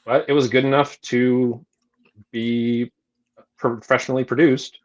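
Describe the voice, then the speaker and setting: A man's voice: mid-range voice, level tone, a little slow, muffled recording. A man talking through a video call as a guest, thoughtful and modest, with many fillers. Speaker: guest toy sculptor. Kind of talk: casual chat.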